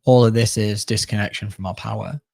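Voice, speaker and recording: Brief: low-voiced man, gravelly, reflective podcast talk, dry close sound. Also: steady tone, fairly quick, darkish tone, dry recording. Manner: reflective, searching, many fillers. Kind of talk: casual podcast conversation.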